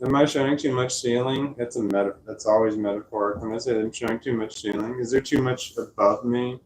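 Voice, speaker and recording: Man vlogger, mid-pitched, chatty and meandering, talking to camera from his couch. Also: fairly even intonation, brisk, noisy background. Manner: chatty, meandering, self-correcting; doting baby-talk to his dog. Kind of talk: casual rambling talk to camera. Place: at home on a couch. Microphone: desk microphone.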